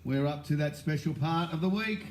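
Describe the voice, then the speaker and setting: A man's voice: a little high, normal speed, a little mellow, slight background noise. An Australian man chatting casually in jokey, rambling banter while hosting a stream from home. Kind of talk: casual chat. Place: home room. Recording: echoey room with guitar behind.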